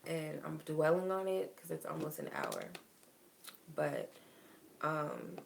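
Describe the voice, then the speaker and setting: A woman's voice: low voice, sing-song, slow, gravelly, pauses often, a little mellow, a little hiss or hum. A young woman tarot reader talking casually and emotionally to her viewers about letting go, filling her speech with "like". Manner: emotional, heartfelt, says "like" often. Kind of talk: casual spiritual talk to viewers.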